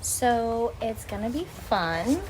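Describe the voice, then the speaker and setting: A woman's voice: a little high, lively intonation, slow, a little mellow, a little hiss or hum, rough recording. Chatty, blunt young woman vlogger. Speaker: fitness vlogger. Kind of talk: casual vlog talk to camera.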